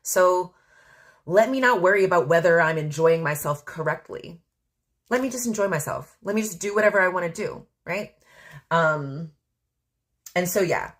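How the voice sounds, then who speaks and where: A woman's voice: fairly low pitch, animated, normal speed, pauses often. A woman hosting a podcast, talking through her thoughts in a rambling, candid monologue full of fillers. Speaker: podcast host. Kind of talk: casual reflective monologue.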